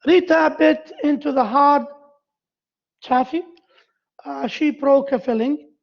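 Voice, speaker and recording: In a muffled recording, a male university lecturer teaches a class grammar, halting and repeating himself while quizzing students. His voice is extremely high-pitched and gravelly.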